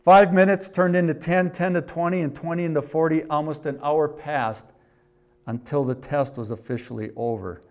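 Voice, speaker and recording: A middle-aged man preaching a sermon. He reads a story aloud, rises in volume for scripture, and drops low for asides. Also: steady tone, normal speed. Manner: varies loudness a lot, rising for scripture and dropping for asides. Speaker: pastor.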